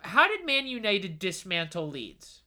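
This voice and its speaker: A podcast co-host chatting about football, loud and emphatic, quick to tease the other host. The voice is bright and edgy at an ordinary pitch. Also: huge pitch swings. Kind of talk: casual football chat.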